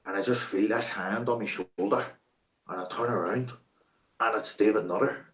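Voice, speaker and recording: A man's voice: on the low side, moderate pace. A man as an interview guest, casually telling a story, swearing freely and filling his talk with "like" and "you know what I mean". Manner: swears freely, animated anecdote-telling with many fillers. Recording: roomy echo.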